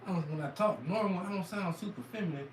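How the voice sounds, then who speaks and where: A hoarse man giving crude, mocking reaction commentary in a rambling rant. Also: high-pitched, fast, reverberant, recorded from a distance, slight background noise, low-quality recording. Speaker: commentator reacting to debate clips.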